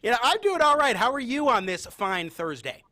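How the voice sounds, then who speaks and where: Upbeat bright-voiced male host. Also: very high voice, big pitch swings, moderate pace, no echo. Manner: upbeat, enthusiastic. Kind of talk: podcast talk show.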